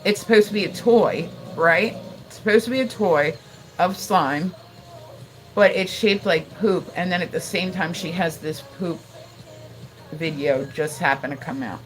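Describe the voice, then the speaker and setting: A woman with a slightly low voice chatting loosely on a live stream. She rambles through restarts and fillers, laughs often, and swears casually. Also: unhurried, soft background music, low-quality recording.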